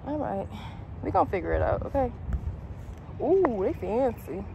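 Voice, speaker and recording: A young woman vlogging outdoors, unboxing on camera, loud and playful and out of breath. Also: on the high side, sing-song, moderate pace, creaky. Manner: loud, playful, laughing, talks straight to viewers. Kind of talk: casual unboxing vlog. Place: outdoors in wind. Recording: outdoor phone audio with wind noise.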